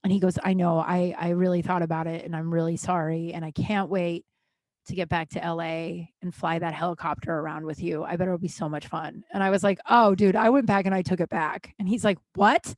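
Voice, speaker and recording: A woman's voice: lowish voice, steady tone, a little fast, darkish tone, no room sound. A woman hosting a podcast, telling personal stories in a candid, profane way and acting out what people said. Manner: candid, profane, acts out quotes. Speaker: podcast host. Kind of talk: casual storytelling monologue.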